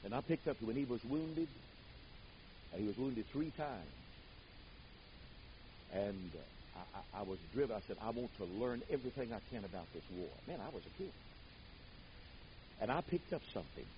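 An older man preaching a sermon, telling stories dramatically, booming out some words and dropping others to a hush. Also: very animated, normal speed, long pauses, highs cut off, a little hiss or hum. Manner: dramatic storytelling, swings from booming to hushed.

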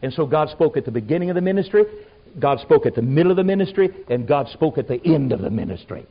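A man's voice: expressive, quick pace. Folksy preacher man, lo-fi recording. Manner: folksy, emphatic, swings from loud exclamations to low asides. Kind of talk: sermon. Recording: muffled lo-fi sermon recording.

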